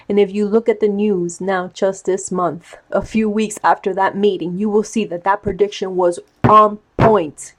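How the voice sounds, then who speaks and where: A woman tarot and cup reader talking in a casual vlog, insistent and getting worked up, repeating herself for emphasis. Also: mid-range voice. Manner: excited, insistent, gets worked up.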